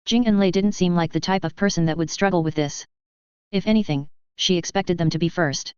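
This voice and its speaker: A narrator reading a fantasy web novel aloud in a steady, even audiobook style. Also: medium pitch, brisk, clean tone, no echo, dull audio.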